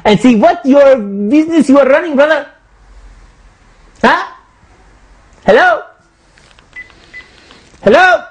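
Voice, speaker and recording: A man's voice: extremely high pitch, animated, takes it slowly, pauses often, pitched above the performer's own voice, heavily acted. A man voicing a pushy, suspicious male customer who interrogates a butcher in a comedy sketch, demanding and calling everyone brother.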